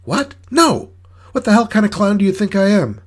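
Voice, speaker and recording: A man's voice: medium pitch, moderate pace, a little mellow, pitched above the performer's own voice, close to an everyday voice. A man voicing a huge, menacing female sideshow boss with a sweet, light voice and a bossy, threatening manner. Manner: bossy, threatening, shrieks when angry.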